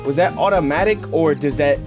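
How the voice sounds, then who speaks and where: A man's voice: fairly high pitch, a little fast. A man giving casual, joking and rambling commentary while playing a game. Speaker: gaming streamer. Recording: game music behind.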